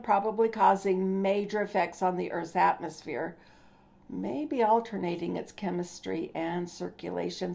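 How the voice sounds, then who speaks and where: Older female host, slow mellow delivery, casual explainer, trips over names now and then. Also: medium pitch, gravelly. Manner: unhurried, stumbles over names. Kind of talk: casual science talk.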